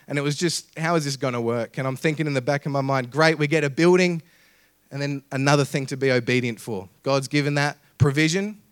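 A young man, a pastor, telling a story in a sermon with humor and loud emphatic peaks. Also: mid-range voice, no echo. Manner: lively, jokey, builds to loud emphatic peaks. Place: church.

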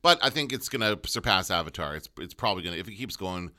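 A man's voice: sits low, animated, fast talker, pushed and bright. A man co-hosting a podcast in casual chat, chatty and laughing often. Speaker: podcast co-host.

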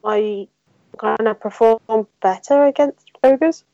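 A woman's voice: a little high, slow pace, dark tone, no room sound, soft background music. A woman playing a tabletop game, making wry jokes between plans. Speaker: player. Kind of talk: casual tabletop game chat. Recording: dull lo-fi sound.

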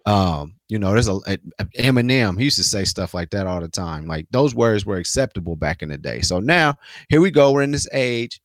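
A man's voice: fairly low pitch, expressive, a little fast, dry recording. A man co-hosting a casual sports talk podcast, speaking loosely in slang with frequent restarts. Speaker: podcast co-host.

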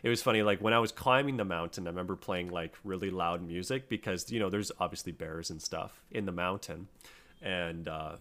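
A man's voice: sits low, fairly quick, a bit bright. A young man co-hosting a podcast, chatting casually and telling a rambling story full of fillers. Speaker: podcast co-host.

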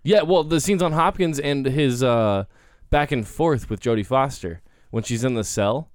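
A man's voice: medium pitch, normal speed, no echo, studio quality. A man co-hosting a movie podcast, chatting casually and jokingly with lots of fillers. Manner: animated, jokey, lots of fillers. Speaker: podcast co-host. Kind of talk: casual movie review chat.

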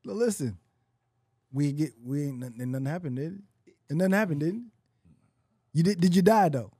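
Man, podcast host, high voice, playful and protesting, steering the chat. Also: normal speed, warm tone, breathy edge, no echo, clean studio sound.

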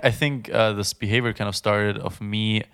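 Smooth-voiced young man chatting on a podcast. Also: lowish voice, fairly even intonation, a bit bright. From Germany. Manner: chatty, fast-talking, many fillers and restarts. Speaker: podcast co-host. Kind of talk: casual podcast chat.

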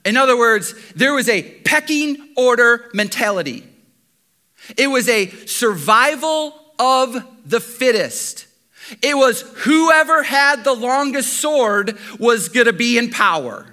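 A male pastor preaching a sermon, animated, with rhetorical questions and repeated phrases. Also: extremely high pitch, slow.

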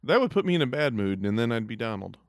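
A man's voice: medium pitch, very animated, quick pace, no room sound, studio quality. A man co-hosting a casual chat, goofy and joking, laughing often. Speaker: podcast co-host.

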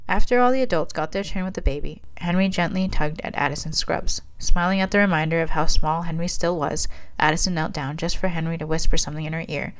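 A woman reading her own fan fiction aloud in a plain, even way. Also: deep voice, fast, few pauses. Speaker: reader and writer of fan fiction.

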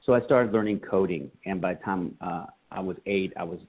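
A man voicing a heavyset, easygoing male coder, speaking casually with a low, husky voice. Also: fairly quick. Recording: phone-like line.

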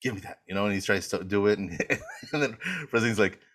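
A man with a somewhat low voice chats through a movie recap on a podcast. He rambles along and laughs often as he goes. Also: normal speed, a bit bright. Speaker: podcast co-host. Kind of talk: casual rewatch chat.

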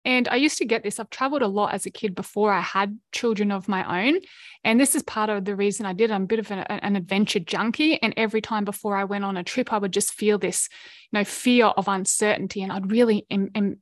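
A middle-aged Australian woman hosting a podcast, telling a personal story in an earnest, emotionally open way with quick asides. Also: medium pitch, steady tone, no room sound, clean studio sound. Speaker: podcast host. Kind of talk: candid personal storytelling monologue.

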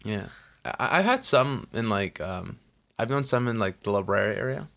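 Podcast co-host, man, low gravelly voice, loose rambling chat. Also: expressive, normal speed, a bit bright. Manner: rambling, lots of "like" and "you know". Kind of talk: casual chat. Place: Los Angeles.

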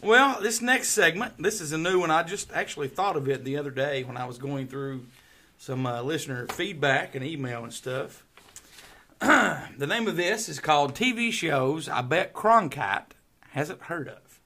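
A man's voice: on the high side, lively intonation, moderate pace, pushed and bright. A man hosting a casual podcast chat, playful and quizzing his co-host.

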